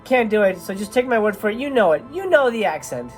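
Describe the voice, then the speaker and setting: A woman's voice: medium pitch, sing-song, fast, soft background music. A woman hosting a casual movie review vlog. She talks in a chatty, hesitant way with many filler sounds. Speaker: movie reviewer and channel host.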